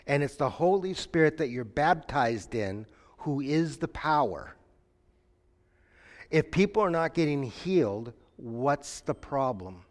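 Preaching man in a reverberant hall. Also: fairly high pitch. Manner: questions the audience and invites answers; tells stories, acting out voices. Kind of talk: interactive sermon.

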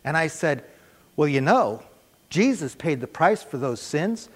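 A middle-aged man preaching a sermon in a conversational, animated way, telling a personal story and acting out the voices in it. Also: fairly high pitch, a little slow, slightly rough. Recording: reverberant church hall.

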